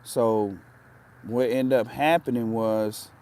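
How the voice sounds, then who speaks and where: A man's voice: mid-range voice, fairly even intonation, slow, a little mellow, slight background noise. A man telling a personal story in a casual, earnest way, often repeating himself for emphasis.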